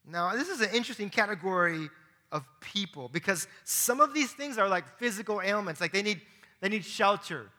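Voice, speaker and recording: A man's voice: high voice, lively intonation, fairly quick, pushed and bright, in a large hall. A man preaching a sermon as pastor, in an earnest, emphatic way, often repeating words as he works through a point.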